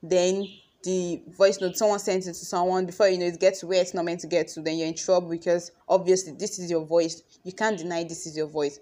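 A young woman with a Nigerian accent, talking casually to her followers in a chatty, expressive way. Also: fairly low pitch, fairly quick. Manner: chatty and expressive, acts out conversations. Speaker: vlogger.

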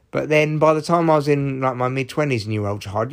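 Speaking briskly with hardly any pauses, a man in his forties runs a solo podcast in a slightly high voice. He rambles, runs himself down, and curses without restraint.

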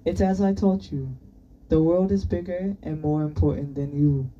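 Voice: mid-range voice, moderate pace, lo-fi sound, a little hiss or hum, lightly acted. A reader voicing a stern male mentor. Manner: formal, clipped commands. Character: stern older male leopard-people teacher.

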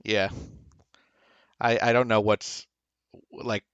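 A man's voice: on the low side, flat delivery, takes it slowly, a bit bright, smooth, dry recording. A man co-hosting a podcast, chatting casually in a rambling way and swearing offhand. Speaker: podcast co-host. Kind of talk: casual chat. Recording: dry, dull lo-fi mic.

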